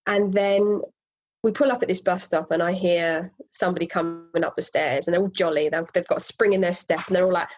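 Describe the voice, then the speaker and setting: Woman guest, lively storyteller, laughs often, swings pitch up and down. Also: a little fast, poor audio. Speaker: guest, property investor. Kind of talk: casual conversational storytelling.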